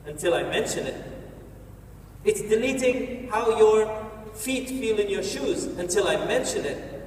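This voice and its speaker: A man giving an energetic, playful motivational talk on stage in a large hall, telling the audience what to do. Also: high-pitched, a little hiss or hum. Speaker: motivational speaker. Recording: echoey hall from far off, faint ambience.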